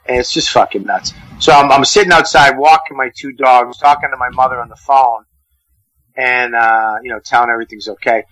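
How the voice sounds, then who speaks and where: A man's voice: mid-range voice, brisk, no room sound, rough recording. A man, a comedian guest, telling profane stories in a casual radio chat. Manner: profane, animated storyteller. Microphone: phone call-in.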